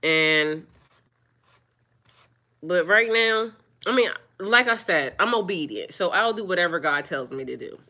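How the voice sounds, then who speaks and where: Woman live-streamer scolding trolls, bright voice. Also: on the low side, lively intonation, unhurried, long pauses. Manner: firmly scolding trolls, preachy. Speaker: livestreamer. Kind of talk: live-stream chat with viewers.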